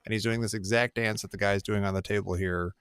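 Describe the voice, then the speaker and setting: A man's voice: on the low side, fast, clear, resonant tone, no echo. A man co-hosting a casual podcast chat, rambling and cutting himself off as he talks. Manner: rambling, self-interrupting, animated. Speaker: podcast co-host.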